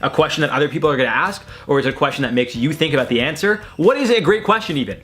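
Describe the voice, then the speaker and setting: Animated young man riffing on tweets. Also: fairly high pitch, rapid-fire, faint music behind. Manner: animated, rambling, swearing, laughing at own jokes. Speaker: host reacting to tweets. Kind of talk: casual reaction commentary. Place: his room. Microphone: desk mic at his computer.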